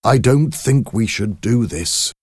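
A man's voice: mid-range voice, lively intonation, slow pace, breathy edge, dry recording, clean studio sound, voice pushed up. A man reading a storybook aloud, voicing a frightened elderly husband who pleads tensely. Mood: fearful.

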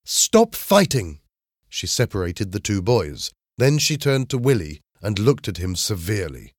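A man narrating a children's story in a clear, measured reading style. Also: fairly low pitch, animated, no room sound, clean studio sound.

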